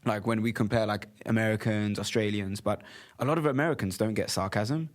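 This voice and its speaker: A man from the UK co-hosting a casual podcast conversation, animated and laughing often. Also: lowish voice, fairly quick. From United Kingdom. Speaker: podcast co-host.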